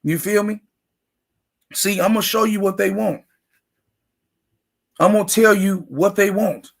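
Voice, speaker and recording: A man's voice: high-pitched, measured pace, vocal fry. A man hosting a sports talk livestream, ranting emphatically and greeting chat viewers by name. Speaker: sports talk show host. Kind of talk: casual livestream commentary.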